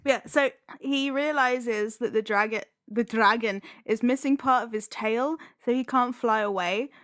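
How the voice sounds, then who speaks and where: A woman's voice: on the high side, measured pace, a bit bright, no room sound. Giggly young woman on a podcast, lots of likes and ums, dry close sound. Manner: giggly, lots of "like" and "um", self-deprecating. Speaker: podcast guest. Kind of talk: casual chat, retelling a film plot.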